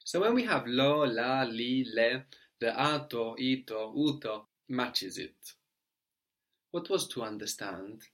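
A man teaching a language lesson, explaining patiently step by step and checking understanding with a quick "no?". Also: medium pitch, animated, a bit bright.

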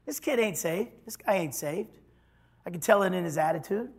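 A man preaching a sermon as pastor, telling a story and swinging from loud declarations to hushed tones. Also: high-pitched, animated, moderate pace, husky.

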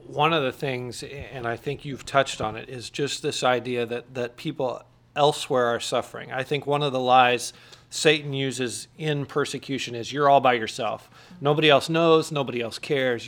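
A man's voice: medium pitch, a bit bright. A man hosting an interview with a mid-range voice. He asks his questions earnestly, thinking aloud and rephrasing as he goes.

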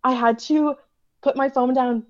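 A woman's voice: sits high, fairly even intonation, a little slow, highs cut off. A woman from Canada, a podcast guest telling her story animatedly and laughing often. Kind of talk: casual storytelling in a podcast interview.

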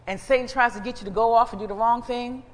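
Woman preacher, kinda high voice, chatty animated sermon, big echoey church. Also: fast. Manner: animated, conversational, calls out to the congregation. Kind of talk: sermon with personal testimony. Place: church sanctuary.

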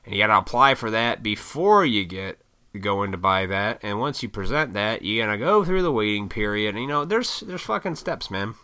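A man from Illinois ranting in a casual solo monologue, blunt and profane, with mocking high-pitched put-on voices. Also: sing-song, normal speed, pushed and bright, clear, resonant tone. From Illinois, USA. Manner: works in restaurants.

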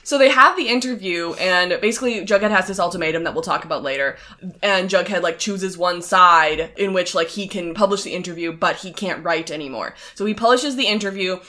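A woman co-hosting a podcast, casually recapping a show's plot in a quick, chatty way. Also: lowish voice. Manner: quick, chatty plot summary with flat quoted lines. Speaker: podcast co-host.

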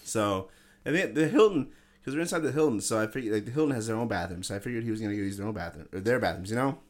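A man's voice: on the low side, racing. A young man casually telling a crude story to friends on a podcast, swearing often and laughing as he goes. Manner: animated, swearing, laughing through stories. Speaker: podcast co-host.

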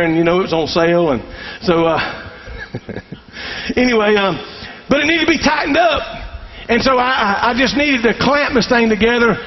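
A middle-aged preacher man with a strikingly high voice delivers a folksy sermon, often calling out for an amen. The sound is a little dull and rings with the long reverb of a big hall. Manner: folksy Southern-style preaching with call-and-response. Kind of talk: sermon to fathers.

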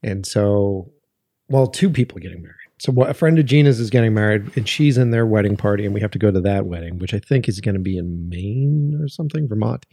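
A man's voice: fairly low pitch, lively intonation, fairly quick, mellow, slightly rough. A man hosting a podcast, chatting in a friendly, easygoing way with frequent hesitations. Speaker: podcast host. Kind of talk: casual conversation.

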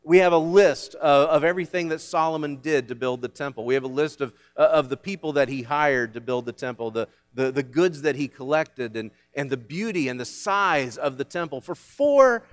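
A man preaching from the pulpit with a slightly raised pitch. He delivers his sermon emphatically, moving between loud commands and quiet, conversational asides. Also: moderate pace, few pauses. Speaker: pastor.

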